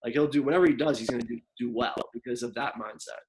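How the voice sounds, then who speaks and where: Animated New coach telling stories. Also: male voice, mid-range voice, fast, slight background noise, low-quality recording. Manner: animated, rambling storyteller with many fillers. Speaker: wrestling coach and podcast co-host. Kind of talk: casual storytelling in a podcast interview.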